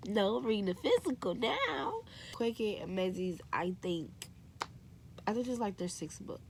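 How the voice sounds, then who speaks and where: A young woman chatting casually to camera in a book vlog, excitable and full of "like" and "y'all". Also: mid-range voice, normal speed, gravelly, slight background noise. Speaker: book vlogger.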